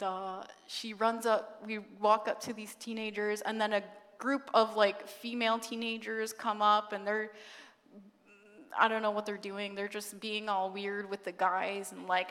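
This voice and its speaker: A young woman shares a testimony from the pulpit, fairly high-pitched and lively, acting out the voices of people in her story. Her voice rings through a church hall with a long reverb tail. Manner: animated storytelling, acts out quotes, laughs often. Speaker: guest speaker. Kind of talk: sermon testimony. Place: church sanctuary.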